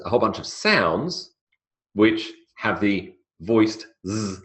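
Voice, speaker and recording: A man who is not from South America gives a classroom lecture on English pronunciation. He draws out example words slowly and jumps up in pitch to stress them.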